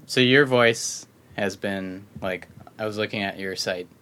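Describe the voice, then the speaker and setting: Low-voiced relaxed male interviewer. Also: a little slow. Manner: relaxed, curious, laughs along. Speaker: podcast host. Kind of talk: casual interview questions.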